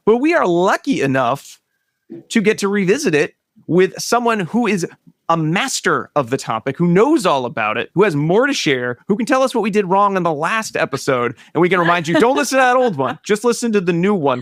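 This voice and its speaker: A man's voice: high voice, very animated, a little fast, fairly bright tone, no echo. Joking male podcast host, dry close sound. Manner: joking, rambling with restarts. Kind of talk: casual podcast chat.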